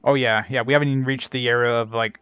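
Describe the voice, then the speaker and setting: A man's voice: mid-range voice, steady tone, fast talker, smooth, no room sound, lo-fi sound, faint music behind. Guy rambling over gameplay, wry, lots of filler, dry close mic. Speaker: let's play host. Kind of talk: casual gameplay commentary.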